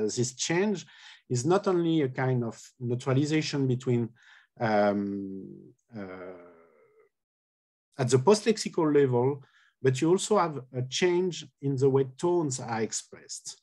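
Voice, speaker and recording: A man's voice: mid-range voice, a little mellow. A man giving an academic colloquium talk on linguistics, explaining step by step with many hesitations and self-corrections. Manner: hesitant, many filler sounds. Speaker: linguistics lecturer.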